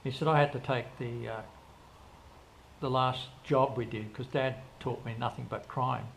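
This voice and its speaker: In a casual interview, an older guest with a gravelly, creaky, mid-range voice rambles through his life story at normal speed and a steady tone. He acts out both sides of past conversations, restarts sentences frequently and circles back, with a faint background hum in the recording.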